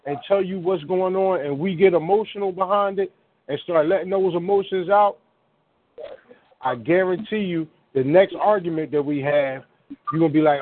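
A man's voice: high-pitched, normal speed. A man co-hosting a radio talk show in casual chat, emphatic and repeating himself. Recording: phone-like narrow band.

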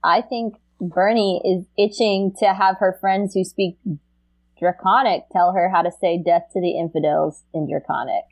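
A woman's voice: on the low side, fairly even intonation, moderate pace, no echo, poor audio. A woman playing in a tabletop game, playful and eager, often restarting her questions. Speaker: player. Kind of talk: casual tabletop game chat.

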